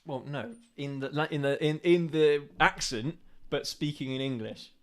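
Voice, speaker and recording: A man's voice: fairly high pitch, moderate pace. A man co-hosting a casual live stream, laughing often and coaxing his partner along.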